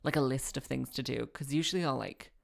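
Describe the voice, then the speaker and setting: Woman rambling on about her week, super deep voice, lots of likes and ums and dry little jokes. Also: fairly quick, creaky. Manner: rambling, many fillers and self-corrections, wry asides. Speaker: podcast host and singer. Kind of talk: casual rambling monologue.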